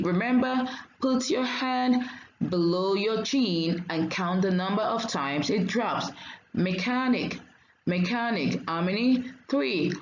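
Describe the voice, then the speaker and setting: A woman teacher giving a diction lesson, saying each word slowly and clearly and repeating it for learners. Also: mid-range voice, echoey room, muffled recording, a little hiss or hum.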